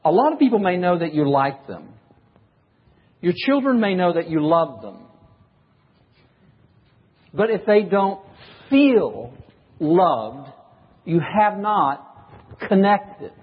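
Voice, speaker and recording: A man's voice: high voice, big pitch swings, slow pace, pauses often, breathy edge. A man preaching a sermon to a congregation, questioning the listeners and acting out examples. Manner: questions the audience and acts out examples. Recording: dull recording with long hall reverb.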